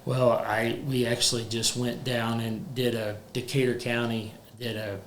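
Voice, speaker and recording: A man's voice: mid-range voice, little pitch movement, measured pace, a little hiss or hum. A man, hosting a casual podcast chat and rambling with many fillers and restarts. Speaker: podcast host, roofing business owner. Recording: roomy echo with faint ambience.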